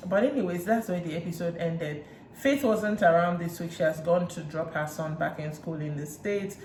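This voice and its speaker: A Nigerian woman recapping reality TV in a chatty way, retelling scenes with lively asides. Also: lowish voice, normal speed. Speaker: reality TV reviewer. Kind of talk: casual recap chat. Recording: roomy room echo, faint hiss.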